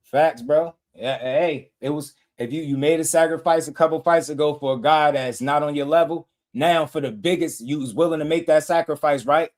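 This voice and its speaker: A man's voice: on the high side, moderate pace. Emphatic man hosting a boxing livestream. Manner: emphatic, repetitive, slangy, reads super chats aloud. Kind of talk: casual livestream commentary.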